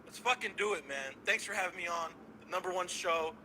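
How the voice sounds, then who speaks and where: A man calling into a show, ranting with loud, cocky excitement and swearing. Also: high voice, brisk, slight background noise, poor audio. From San Francisco Bay Area. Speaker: caller. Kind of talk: hyped fan call-in rant.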